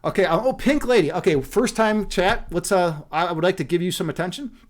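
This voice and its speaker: A man's voice: high-pitched, a little fast. A man chatting casually on a livestream, rambling and profane, laughing often. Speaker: streamer.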